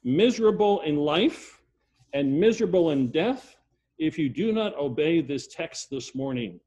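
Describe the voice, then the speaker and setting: A man's voice: on the high side, expressive, a little slow, mellow, breathy edge, muffled recording. A man doing a fervent pleading lay preacher. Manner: urgent, repetitive pleading.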